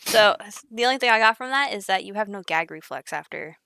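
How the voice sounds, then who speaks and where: A woman's voice: mid-range voice, expressive, brisk, vocal fry, bright, forceful tone, clear, resonant tone. A woman co-hosting a casual podcast, asking short dry questions. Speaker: podcast co-host.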